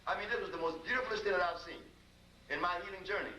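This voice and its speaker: A man, a healer, tells stories to a live audience in a lively, conversational way, talking straight to his listeners. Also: high-pitched, fast talker. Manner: animated, conversational storytelling with asides to listeners. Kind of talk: storytelling talk to a live audience. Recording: roomy, distant mic with noise.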